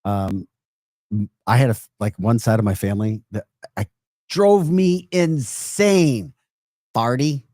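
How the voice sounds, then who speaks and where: A man with a St. Louis accent hosting a morning radio show, energetic and rambling, laughing often. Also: fairly low pitch, normal speed, no room sound, studio quality. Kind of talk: casual talk radio. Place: radio studio.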